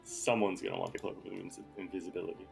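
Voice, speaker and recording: A man's voice: deep voice, level tone, quick pace, gravelly, music in the background. A young man playing a tabletop game and making wry, dry remarks. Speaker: player. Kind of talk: casual tabletop game chat.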